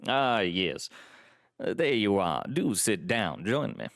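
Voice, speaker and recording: A man voicing a very posh, tradition-minded gentleman who sounds dry and unamused. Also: medium pitch, very animated, unhurried, clear, resonant tone, dry recording. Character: posh, tradition-bound gentleman, middle-aged.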